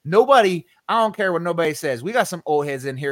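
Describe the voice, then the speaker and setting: A man with a slightly high voice teaching scripture on a casual faith podcast, emphatic and a little preachy, dropping slang as he goes. His voice sits dry and close, with no room around it. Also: expressive, fast, few pauses, a bit bright, no echo. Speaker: podcast co-host.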